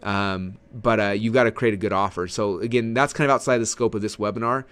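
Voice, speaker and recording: A man giving a casual webinar lesson on marketing, talking with lots of energy and letting his voice swing high and low for emphasis, with frequent fillers and restarts. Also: clear, resonant tone. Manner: energetic, fast, swooping pitch for emphasis. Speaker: marketing trainer.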